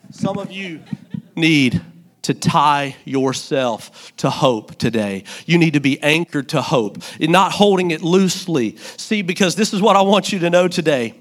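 A pastor preaching a sermon at church into a handheld mic, animated and playful, acting out the quotes he tells. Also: high voice, moderate pace.

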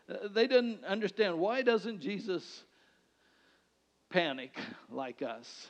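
A male pastor preaching a sermon in a conversational way, swinging between loud declarations and hushed lines. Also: on the high side. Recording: dull sound with long hall reverb.

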